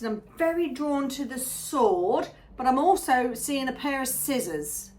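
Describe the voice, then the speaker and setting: A woman giving a chatty, animated tarot reading, often checking in with the listener. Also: high-pitched, slow, pauses often. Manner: chatty, animated, keeps asking "yeah?". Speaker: tarot reader.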